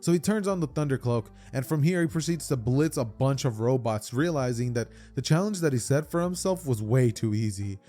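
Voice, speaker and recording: A man narrating a fan-made story in a loose, slangy, chatty way, stumbling over and restarting his phrases. His voice is mellow and soft-edged, at an ordinary pitch, with faint music underneath. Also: animated, a little fast, few pauses. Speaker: YouTube storyteller. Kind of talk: casual fan-fiction retelling.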